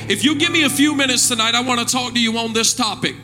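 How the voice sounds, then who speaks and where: A male pastor preaching a sermon in church, using call-and-response and rising to shouts. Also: very high voice, quick pace, hardly any pauses, music in the background.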